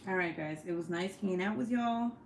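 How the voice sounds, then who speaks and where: A young woman hosts a casual book club live stream, laughing often as she reacts to viewer comments. Her delivery is slow and unhurried. Her voice sits at an ordinary middle pitch. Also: a little mellow, slight background noise.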